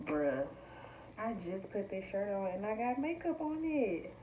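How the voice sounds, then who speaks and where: A young woman chatting excitedly and directly to her viewers in a casual unboxing vlog. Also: medium pitch, measured pace, lo-fi sound, background noise. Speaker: vlogger. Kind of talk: casual unboxing chat to camera.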